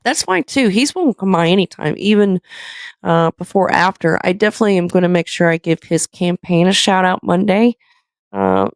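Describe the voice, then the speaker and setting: A woman's voice: lowish voice, gravelly, dry recording, studio quality. A woman hosting a live stream, chatting casually, rambling with lots of fillers and reading viewer comments aloud.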